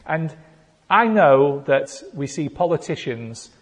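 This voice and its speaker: A male pastor, preaching a playful sermon that builds to shouted declarations. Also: fairly high pitch, expressive, slow pace, breathy edge. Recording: long hall reverb.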